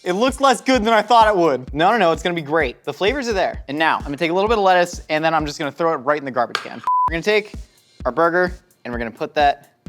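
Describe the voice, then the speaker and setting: A young man hosting a cooking show, joking with his crew as he demonstrates a recipe. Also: mid-range voice. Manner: jokey, excitable, talks to the crew.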